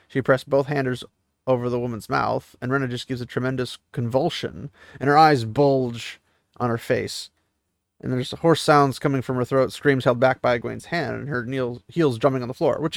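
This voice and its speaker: A man's voice: medium pitch, creaky, no room sound, studio quality. A man giving a casual recap of a fantasy novel, chatty and digressive, breaking off into asides and questions. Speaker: book discussion host.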